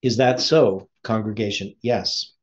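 A man's voice: lowish voice, fairly even intonation, measured pace. Man reading a sermon, lo-fi sound. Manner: asks the listeners rhetorical questions. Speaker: preacher. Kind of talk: reading a sermon aloud with commentary.

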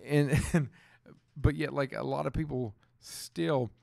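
A man with a gravelly Southern Ohio accent chats in a lively way, cursing and breaking into laughs as he acts out other people. His voice sits in a middle pitch, recorded close and dry with no room sound. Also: dry recording. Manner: animated, swearing, quick laughs, acts out quotes. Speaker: host. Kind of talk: casual chat.

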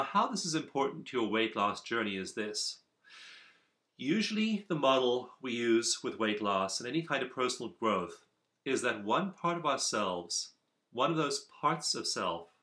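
Man, self-help teacher, bright crisp tone, earnest and measured, in his office. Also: medium pitch. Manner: earnest, measured, with repeated emphasis. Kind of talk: recorded video lesson.

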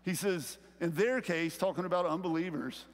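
A man with a Southern US accent preaches in a relaxed, conversational way and drags out the phrases he wants to land. His voice sits high for a man. The sound carries the long reverb of a large church sanctuary. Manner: conversational preaching, slowing down to stress key phrases. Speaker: pastor. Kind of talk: sermon.

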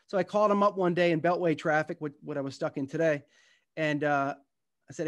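A man's voice: a little high, fairly even intonation, fairly quick, fairly bright tone. A middle-aged man giving an earnest, heartfelt storytelling talk as a guest speaker. He sometimes stumbles and restarts as he goes, and partway through he reads a passage from his book.

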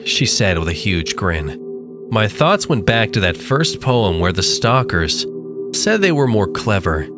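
A man narrating a scripted horror story in a dramatic, deliberate way. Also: low-pitched, sing-song, a bit bright. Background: faint music.

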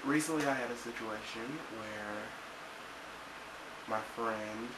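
A man's voice: fairly low pitch, takes it slowly. A young man rambling through a story about a fight with a friend, acting out the quotes in his vlog. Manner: rambling, emphatic retelling with acted-out quotes. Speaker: vlogger. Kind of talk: casual storytelling to camera. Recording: echoey room, loud ambient noise, mic far off.

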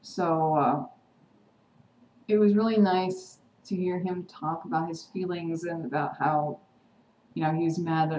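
A woman's voice: fairly low pitch, steady tone, a little slow, pauses often, a little mellow. A woman recapping a TV episode in a casual vlog, heated and indignant, slipping into sarcastic mimicry. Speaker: TV episode vlogger. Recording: echoey room with faint ambient noise.

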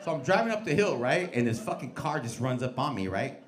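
A man doing a stand-up set in a comedy club, telling stories loudly and profanely with lots of crowd work and put-on voices. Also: mid-range voice, fairly quick. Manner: loud, profane, animated storytelling with put-on voices. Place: comedy club stage with live audience. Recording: live club recording with crowd noise.

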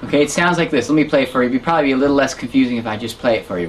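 A woman's voice: rumbling low, rapid-fire, hardly any pauses, loud music behind the voice. A woman teaching harmonica in an online lesson, patiently explaining and counting beats aloud.

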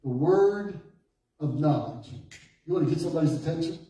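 A man preaching a sermon as pastor, slow and emphatic at times, then dropping into a quiet, storytelling voice. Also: on the high side, lively intonation. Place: church sanctuary. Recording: echoey church hall from far off.

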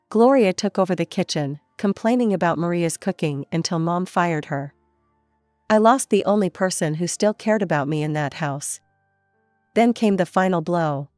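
A woman telling a first-person story as a steady scripted narration. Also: fairly low pitch, dry recording. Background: faint music.

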